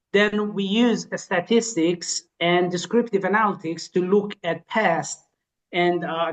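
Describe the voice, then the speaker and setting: A man giving an academic webinar lecture, his voice tired after hours of teaching, pausing often with fillers. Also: high-pitched, lo-fi sound. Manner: hesitant, many filler pauses. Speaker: guest lecturer.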